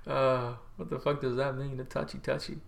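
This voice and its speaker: A man's voice: medium pitch, little pitch movement, moderate pace, gravelly. Laid-back Australian man livestreaming. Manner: rambling, laid-back, swears freely. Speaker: livestreamer and health coach. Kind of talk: casual livestream chat answering viewer comments.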